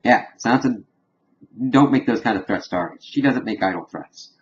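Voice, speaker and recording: Low-voiced man rambling through a recap. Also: animated, moderate pace, lo-fi sound. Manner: rambling, recaps scenes with lots of "kind of, like". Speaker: TV show reviewer. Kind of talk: casual spoken review.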